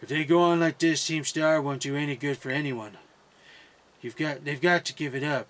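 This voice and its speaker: A man's voice: on the high side, fairly even intonation, normal speed, fairly bright tone, close to an everyday voice. A man reading aloud the lines of a secretive young female team leader. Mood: sincere.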